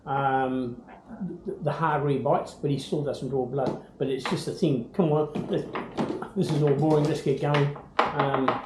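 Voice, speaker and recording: An older Australian man chatting casually about his pet bird, rambling with many ums and breaking into high baby-talk. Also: roomy sound, noisy background. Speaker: bird owner. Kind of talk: casual home video chat.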